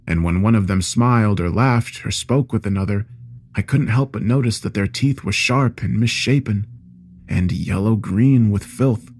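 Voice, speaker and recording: A man's voice: fairly low pitch, a little mellow. A man reading a first-person horror story aloud in a dramatic, scripted narration.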